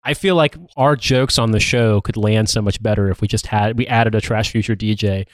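A man's voice: fairly low pitch, steady tone, moderate pace, no echo, studio quality. A man co-hosting a podcast, chatting wryly, swearing casually and reacting eagerly. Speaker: podcast co-host. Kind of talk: casual comedic chat.

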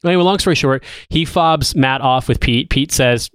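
A man's voice: medium pitch, steady tone, moderate pace, few pauses, clear, resonant tone, dry recording. Rambling, swearing male podcast co-host. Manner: rambling, profane, with filler-heavy restarts. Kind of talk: casual chat.

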